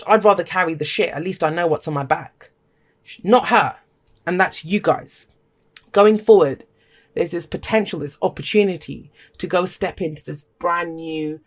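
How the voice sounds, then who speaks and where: Speaking with a mid-range voice, this tarot reader addresses viewers directly on camera in a casual, emphatic reading. The language is blunt, the swearing free, and the tone encouraging like a pep talk.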